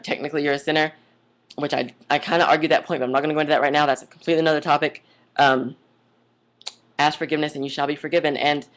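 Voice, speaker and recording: Young woman, vlogger, rambling, gushing, says like a lot, casual monologue. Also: low-pitched. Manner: rambling, chatty, goes off on tangents.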